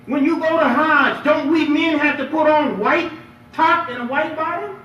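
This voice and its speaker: Man, high voice, lively call-and-response preaching, echoey hall, far from the mic, faint room hum. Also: normal speed, lo-fi sound. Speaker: imam. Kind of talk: Friday sermon. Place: mosque prayer hall.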